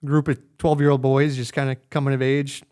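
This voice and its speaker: A man's voice: mid-range voice, little pitch movement, fairly quick, dark tone. A man, a father of boys, chatting easily about a favorite movie on a casual podcast.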